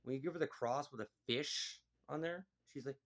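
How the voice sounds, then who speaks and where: This man's movie review is casual and wandering, sprinkled with "like" and "you know." He speaks at a normal speed in an ordinary mid-range voice that sounds a bit bright.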